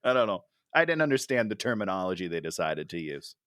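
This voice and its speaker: A bright, sharp-toned man on a casual movie-critique podcast, his pitch jumping all over as he vents. He sounds exasperated and breaks into laughs as he talks, and the sound is dry and close. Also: sing-song, quick pace, clear, resonant tone, no room sound. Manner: exasperated, laughs often while ranting. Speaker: podcast co-host.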